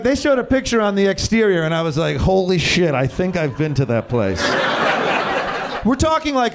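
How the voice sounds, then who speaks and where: A man in his forties doing improvised stand-up on a club stage, animated and self-mocking, jumping into high mock shouts. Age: 40s. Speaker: stand-up comedian. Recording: crowd noise from live audience. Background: audience laughing.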